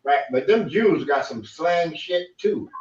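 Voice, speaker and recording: A man's voice: a little high, expressive, slow pace, a little hiss or hum. A man from the United States telling blunt, profane stories as a co-host on a casual show. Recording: roomy, distant, dull sound.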